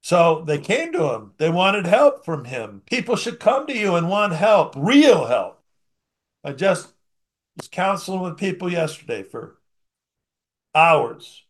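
During a sermon, a male preacher with a slightly high voice reads from scripture, then explains it in everyday conversational terms. Very animated yet slow, he shifts from loud, emphatic outbursts to quiet, almost mumbled remarks.

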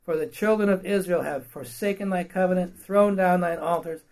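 A man preaching in a fairly high voice, reading scripture aloud and then putting it in plain, blunt everyday words. He laughs often and puts questions to his listeners. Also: normal speed, a little mellow, low-quality recording. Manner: reads King James verses, then paraphrases them in blunt slang with laughs; addresses the congregation with questions.

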